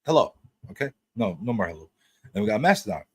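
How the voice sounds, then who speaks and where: Rambling husky-voiced male streamer. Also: lowish voice, very animated, fast, darkish tone, no echo. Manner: rambling, repeats words, greets viewers by name. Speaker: live stream host. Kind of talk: casual live stream chat.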